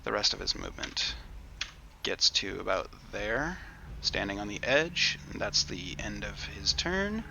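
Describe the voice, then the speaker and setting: A man narrating as game master of a tabletop game, easygoing and casual, with many pauses. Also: lowish voice, expressive, vocal fry, noisy background. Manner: easygoing, casual, says "uh" often.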